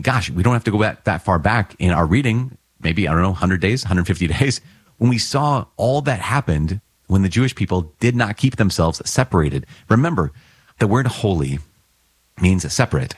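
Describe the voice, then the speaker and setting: A man's voice: low-pitched, husky, no room sound. A man giving a conversational homily on scripture readings, earnest and plain-spoken with fillers and light laughs. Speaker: priest.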